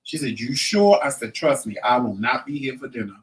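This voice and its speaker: A man's voice: medium pitch, fairly quick. Man in his fifties telling a story from a distance. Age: 50s. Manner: animated storyteller who acts out quoted dialogue. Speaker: vlog host. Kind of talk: casual storytelling chat.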